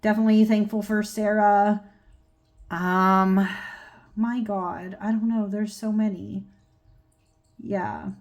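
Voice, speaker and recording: Woman vlogger from california, rambly and chatty, lots of ums, laughs at herself, middle pitch. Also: steady tone, slow, long pauses, darkish tone. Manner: rambly, filler-heavy, self-deprecating, laughs often. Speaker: tarot YouTuber. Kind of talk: casual rambling video chat.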